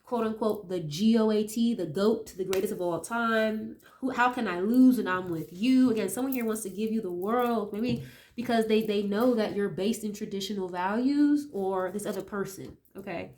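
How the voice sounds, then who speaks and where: A woman's voice: medium pitch, normal speed, a little mellow. A woman with a nasal voice from a cold, chatting casually as she reads tarot cards for viewers, thinking aloud with many tag questions. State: getting over a cold. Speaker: tarot reader.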